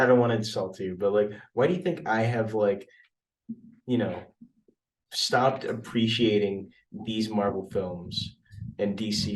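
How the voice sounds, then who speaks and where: A man's voice: on the low side, recorded from a distance. A young man co-hosting a podcast, debating a movie in a rambling, blunt, profane way with lots of restarts. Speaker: podcast co-host.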